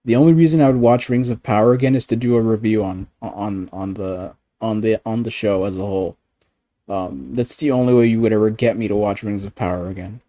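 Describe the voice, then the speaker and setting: A man ranting in casual chat as a streamer, animated and profane, often laughing. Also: on the low side, fairly quick, dry recording.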